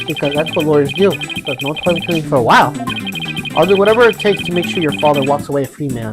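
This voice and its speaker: Woman streamer reading game lines, lively pitch. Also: brisk. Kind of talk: reading game dialogue as the lead. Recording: loud game music behind.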